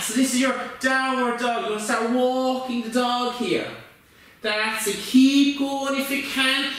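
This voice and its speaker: A man teaching a children's yoga class, guiding them gently and playfully with encouraging cues. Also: extremely high pitch. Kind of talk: guided yoga instruction for children. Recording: very echoey room, voice from a distance.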